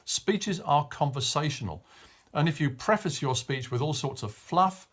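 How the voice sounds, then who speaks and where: A middle-aged man giving a short coaching tip on public speaking, talking in a clear, measured way and stressing key words. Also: a little high, lively intonation, a bit bright. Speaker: media coach.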